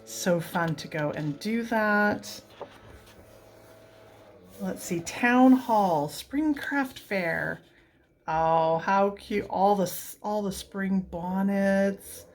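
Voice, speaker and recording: A woman's voice: mid-range voice, very slow. A woman chatting through a coloring book, gushing over each page and wandering off into rambling asides. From United States.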